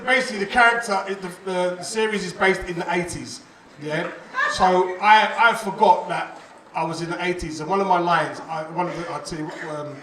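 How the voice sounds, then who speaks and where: A man performing a stand-up comedy set on a club stage, animated and laughing, shouting his punchlines. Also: high-pitched, brisk, slight background noise. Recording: echoey club room, distant mic, loud crowd.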